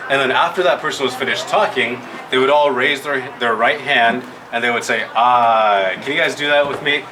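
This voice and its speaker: A man from the Yakima Valley in Washington, medium-pitched and recorded against a noisy background, teaches a group as a language presenter. Indoors at a public museum event, he patiently asks questions and spells words out letter by letter.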